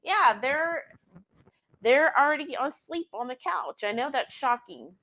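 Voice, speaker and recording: Lady cooking live and chatting, high voice, bouncy and animated. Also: unhurried, dull audio. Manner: chatty, reads viewer comments aloud. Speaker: co-host of a live cooking stream. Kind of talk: casual live cook-along chat.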